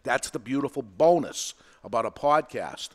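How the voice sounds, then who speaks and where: A man hosting his own podcast, talking in an animated, emphatic, conversational way. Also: medium pitch, moderate pace. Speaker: podcast host. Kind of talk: solo podcast monologue. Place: podcast studio.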